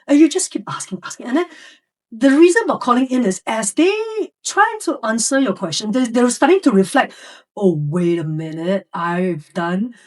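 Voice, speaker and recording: Animated woman educator, a little off mic. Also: high voice, fairly quick, distant mic. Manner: animated storytelling, acting out classroom voices. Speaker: educator guest. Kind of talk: podcast interview.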